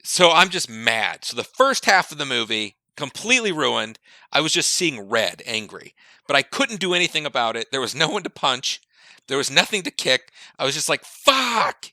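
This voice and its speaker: A man's voice: mid-range voice, moderate pace, no room sound. A man on a podcast telling a long, profane anecdote, acting out the people he quotes. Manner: animated, profane storyteller who acts out quoted dialogue. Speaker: podcast co-host. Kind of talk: casual chat, long anecdote.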